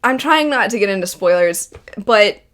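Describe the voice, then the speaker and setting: A woman's voice: medium pitch, lively intonation, moderate pace, a bit bright. A young woman hosting a video essay, gushing and rambling with emotion about stories she loves. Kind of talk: casual enthusiastic commentary.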